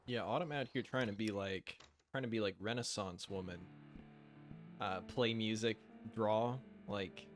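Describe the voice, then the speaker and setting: A man's voice: on the low side, measured pace, faint music behind. A young man chatting casually as a co-host while playing a game, eager and easily impressed.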